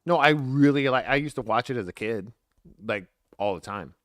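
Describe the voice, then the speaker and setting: A man's voice: mid-range voice, lively intonation, normal speed, a bit bright, no echo, studio quality. Rambling male podcast co-host. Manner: rambling, self-interrupting. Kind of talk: casual chat.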